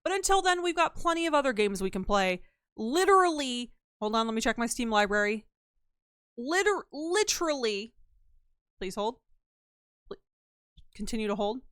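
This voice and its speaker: A woman's voice: fairly high pitch, very animated, moderate pace, a bit bright, smooth, dry recording, studio quality. A woman streamer chatting casually and playfully with her live chat, teasing and slipping into silly voices.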